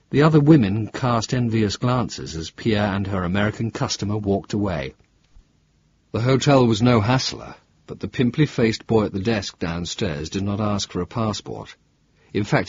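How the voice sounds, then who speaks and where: Man, audiobook narration, husky, lively pitch, dry, dull recording. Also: normal speed, no echo. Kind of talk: scripted narration.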